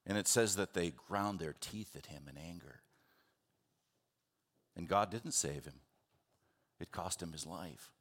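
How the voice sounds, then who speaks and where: A male pastor delivering a sermon with a somewhat low-pitched voice. He tells the scripture passage as a lively story, slipping into the characters' voices, with conversational asides and restarts. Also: a little slow, long pauses. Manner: animated storytelling, acts out biblical voices.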